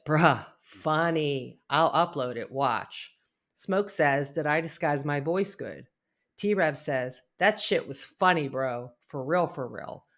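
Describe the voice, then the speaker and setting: Gravelly man reading out texts. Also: a little high, fairly bright tone. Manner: blunt, profane asides. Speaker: commentary narrator. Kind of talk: reading out text messages with commentary.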